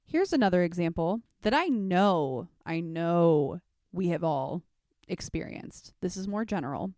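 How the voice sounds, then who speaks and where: A woman's voice: on the low side, measured pace, no room sound, clean studio sound. A young woman hosting a solo podcast, telling stories with passion and acting out quotes in mock voices. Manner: animated, passionate storytelling. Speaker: podcast host. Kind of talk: casual solo podcast monologue.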